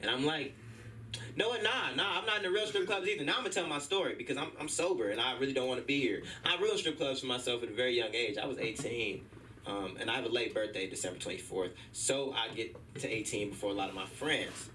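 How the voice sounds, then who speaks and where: A young man performing a stand-up set at an open mic, telling animated stories and acting out the people in them. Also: mid-range voice, fast talker, distant mic, a little hiss or hum, rough recording. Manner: animated storytelling, acting out voices. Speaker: stand-up comedian. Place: comedy club stage.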